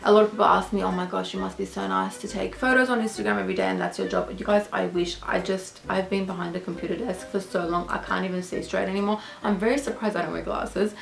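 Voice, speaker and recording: A woman's voice: mid-range voice, fast talker, vocal fry, few pauses. A young Australian woman vlogging casually, answering viewer questions in a gushing, chatty, affectionate way. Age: young adult. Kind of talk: casual Q&A vlog. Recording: echoey room with faint music.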